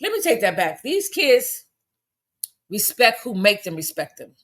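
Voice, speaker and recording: Ranting loosely, a middle-aged woman commentary vlogger lectures bluntly and indignantly like a no-nonsense parent, her voice shooting high in exasperated bursts. Her delivery is sing-song, a little slow, and fairly bright in tone.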